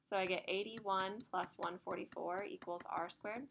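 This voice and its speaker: A woman's voice: mid-range voice, steady tone, normal speed, creaky, a bit bright, slight background noise. A woman teaching an algebra lesson in a classroom, chatty and laughing as she tells stories. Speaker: math teacher. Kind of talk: classroom lecture.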